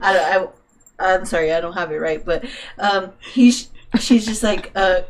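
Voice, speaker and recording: A woman's voice: fairly low pitch, a little slow. Young woman telling a drunk story. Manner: laughing often, acting out quoted voices. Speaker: podcast co-host. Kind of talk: casual storytelling chat.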